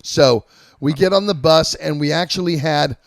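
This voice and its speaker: A gravelly man in his fifties with a fairly high voice, swapping wild road stories with plenty of swearing. He sounds dry and close to the mic, with no room around him. The talk is loose, animated and casual. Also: normal speed, no room sound. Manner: profane, animated storyteller. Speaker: host. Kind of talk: casual chat, storytelling.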